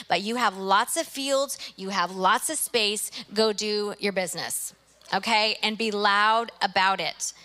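Bright-voiced woman preaching with fervor. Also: fairly high pitch. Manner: emphatic, exhorting, repeats phrases for effect. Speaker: pastor. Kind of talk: sermon.

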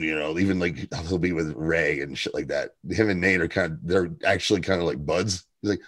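A man's voice: sits low, fairly quick, few pauses. A man co-hosting a podcast, chatting casually about a TV episode and acting out lines from it. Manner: animated, quotes characters in put-on voices, laughs often. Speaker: podcast co-host. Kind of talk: casual chat recapping a TV episode.

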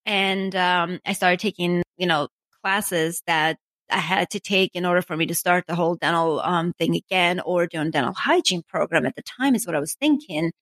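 A woman's voice: fairly low pitch, normal speed, a bit bright, no room sound. Chatty woman. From Armenia. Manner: chatty, many asides like "you know" and "right?", laughs at herself. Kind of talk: casual storytelling.

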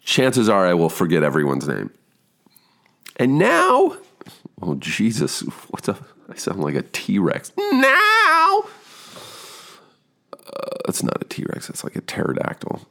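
Deep, lively baritone man in his fifties. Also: normal speed, creaky. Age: 50s. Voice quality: baritone, rich. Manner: rambling, swearing, self-deprecating. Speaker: podcast host. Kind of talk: casual monologue.

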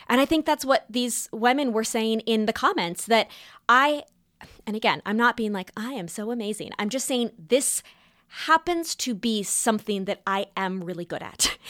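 A woman talking casually to her listeners about giving feedback, animated and laughing often as she acts out little quotes. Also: medium pitch, dry recording, studio quality. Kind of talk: casual advice talk.

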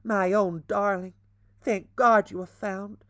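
Man doing a loving mother, soft murmur, raised pitch, storybook reading. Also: level tone, takes it slowly, no echo. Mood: tender. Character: tender, relieved mother, adult woman.

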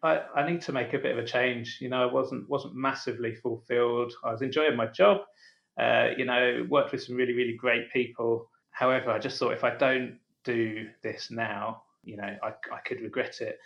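A man's voice: medium pitch, steady tone, normal speed, vocal fry, highs cut off. A man in his forties being interviewed as a guest, friendly and hesitant, often repeating words as he talks. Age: 40s. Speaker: guest, business founder. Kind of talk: casual interview.

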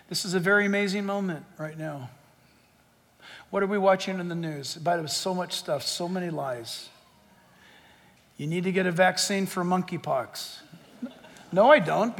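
A man preaching as a pastor, firing sarcastic rhetorical questions and building to forceful emphasis. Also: high voice, in a large hall. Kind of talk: sermon.

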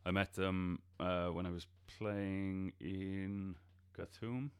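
Gravelly, low man, hesitant. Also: level tone, takes it slowly. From Ireland. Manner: hesitant, many ums and restarts. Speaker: festival promoter guest. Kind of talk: casual podcast chat.

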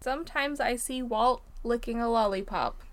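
A woman's voice: a little high, normal speed. A woman co-hosting a podcast in casual chat, rambling with lots of fillers and laughing easily. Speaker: podcast co-host.

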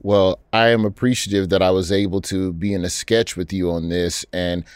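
A man's voice: deep voice, flat delivery, moderate pace, smooth, no echo, studio quality. A man, a stand-up comedian, joking in a casual chat with a mock-offended, playful manner.

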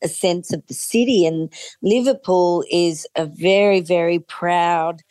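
A woman's voice: fairly low pitch, measured pace, a little mellow, no echo. An Australian woman, a music commentator, answering interview questions in an enthusiastic, chatty way. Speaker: Eurovision commentator.

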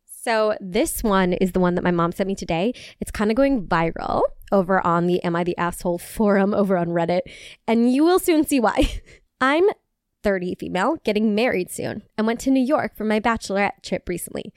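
A woman's voice: medium pitch, big pitch swings, brisk, clean tone, no room sound, clean studio sound. A woman hosting a podcast, reading forum posts aloud and reacting with laughter, swearing and lots of "like.". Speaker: podcast host.

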